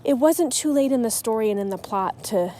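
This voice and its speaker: Woman, podcast host, slightly high, mellow voice, chatty, emotional, trips over her words. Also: expressive, fairly quick, a little hiss or hum. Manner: chatty and emotional, with frequent restarts. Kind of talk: casual solo podcast talk.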